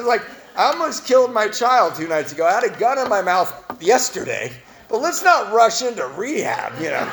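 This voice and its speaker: A man stands telling his recovery story to a room of peers, his gravelly voice rising and dipping across a wide range. He mocks his younger self and laughs at it, then drops low for the quiet admissions. A faint hiss sits under the recording. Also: moderate pace. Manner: swings between loud animated bits and low quiet confession. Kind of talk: personal testimony at a recovery meeting.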